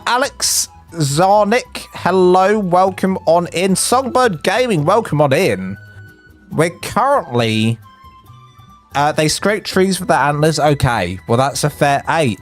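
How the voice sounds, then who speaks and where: Chatty English man streaming a game. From England. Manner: chatty, rambling, jumps pitch when excited. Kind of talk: live-stream building commentary and chat.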